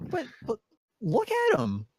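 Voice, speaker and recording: A playful, teasing player at a tabletop game, with a lively voice that leaps up and down. The sound is dry and close, with little room around it. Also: medium pitch, dry recording. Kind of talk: casual tabletop game chat.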